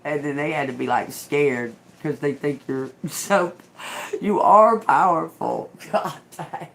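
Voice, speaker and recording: A woman's voice: deep voice, slow. A woman doing a casual tarot reading, talking emphatically, swearing freely, laughing often and repeating herself for stress. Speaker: tarot reader.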